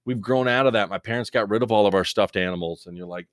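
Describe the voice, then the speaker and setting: A man's voice: fairly low pitch, fast, few pauses, clear, resonant tone, no room sound. A man teaching a recorded video lesson in a rambling, joking, conversational way into a close mic.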